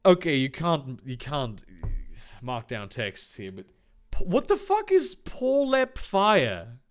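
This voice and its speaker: A man reads a story aloud with mocking, sarcastic commentary, stumbling over the words. His pitch sits fairly high and moves a lot, and he takes his time. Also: wildly swooping pitch, takes it slowly. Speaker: channel host reading a fan fiction aloud. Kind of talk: comedic read-through with sarcastic asides.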